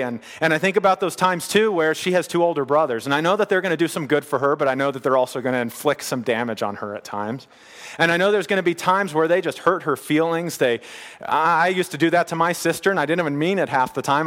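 A man's voice: a little high, a bit bright. Earnest male pastor in reverberant hall. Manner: earnest, conversational preaching with frequent repetition. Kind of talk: sermon.

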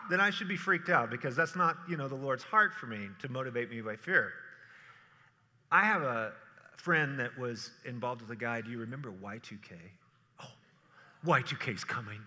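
A man preaching a sermon, telling stories with animated energy and acting out quotes in playful voices. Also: medium pitch, normal speed. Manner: animated storytelling, acts out quotes in funny voices. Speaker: pastor. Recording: reverberant hall.

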